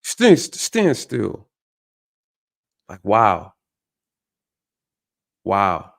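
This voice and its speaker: A man's voice: on the low side, huge pitch swings, drawn-out words, creaky, a bit bright. A man hosting a reaction video, talking emphatically to his viewers and repeating his points for stress. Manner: emphatic, repeats phrases, addresses viewers directly. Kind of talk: reaction commentary.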